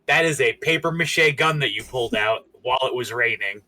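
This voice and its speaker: A man's voice: medium pitch, fairly quick, pushed and bright. A man playing a tabletop game, chatting casually, rambling and joking with lots of "like". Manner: rambling, joking, many likes. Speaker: player.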